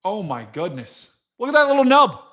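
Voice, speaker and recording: A young man hosting a casual weather livestream, excitable and quick to exclaim and laugh. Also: sits high. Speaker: livestream weather show host.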